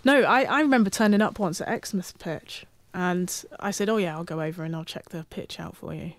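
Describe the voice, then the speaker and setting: A woman's voice: lowish voice, a little fast, no echo. A woman rugby referee talking casually on a podcast, retelling match incidents with lots of restarts. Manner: animated storytelling with many restarts.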